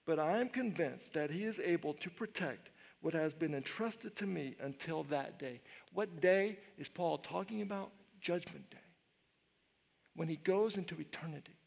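A middle-aged male pastor preaching a sermon, telling stories with animated swings and sudden loud outbursts. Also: on the high side, vocal fry. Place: church sanctuary with long reverb. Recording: reverberant church hall.

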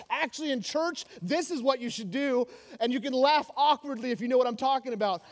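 A male pastor delivering an animated, joking sermon in a church, with a very high voice for a man. He presses his points with emphasis. A long hall reverb rings after his words. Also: brisk. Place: church sanctuary.

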